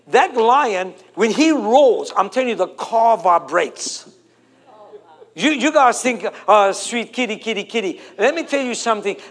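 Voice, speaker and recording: A man's voice: high voice, a bit bright. A man, preaching a sermon to a congregation, emphatic and fond of repeating and stretching key phrases. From South Africa.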